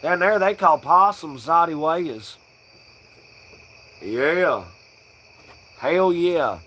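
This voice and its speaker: A man's voice: fairly high pitch, animated, extremely slow, sharp tone, pitched above the performer's own voice, full character voice. A man voicing a boastful Southern country man with a put-on Southern drawl. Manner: drawling, rowdy, swaggering.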